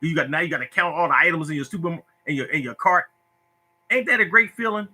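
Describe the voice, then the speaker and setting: Preachy man with a bright voice. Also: on the high side, quick pace. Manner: preachy, repetitive, emotional. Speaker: lottery tips host. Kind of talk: casual Facebook live talk. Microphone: phone.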